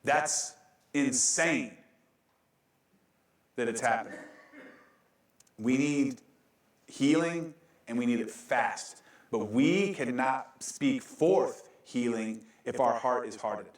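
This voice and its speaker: A man's voice: medium pitch, takes it slowly, far from the mic. A male pastor preaching a sermon with a joking, self-mocking manner and frequent laughs, recorded in a church sanctuary. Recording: very echoey church room.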